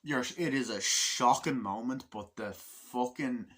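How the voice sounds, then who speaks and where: Casual male film reviewer, excitable, profane, mid-pitched voice, acts out the scenes himself. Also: a little slow. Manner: excitable, heavy swearing. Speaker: movie reviewer.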